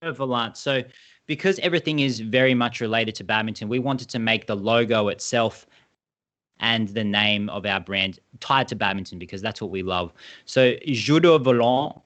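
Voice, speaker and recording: A man's voice: lowish voice, steady tone, moderate pace, bright, forceful tone. A man with an Australian accent, a badminton brand co-founder, explaining at length in a casual interview over a video call. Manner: enthusiastic, rambling explanations.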